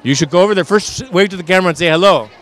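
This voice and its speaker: A man with a high-pitched, racing voice and a fairly bright tone interviews costumed children at an outdoor Halloween parade for community TV. He's cheerful and coaxing, joking around as a mock vampire count.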